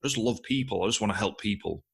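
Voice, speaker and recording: A man's voice: fairly low pitch, fast talker, creaky, a bit bright, breathy edge. A man hosting a podcast who chats casually with his guest, affirming him, repeating phrases and swearing now and then. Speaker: podcast host. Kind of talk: casual interview chat.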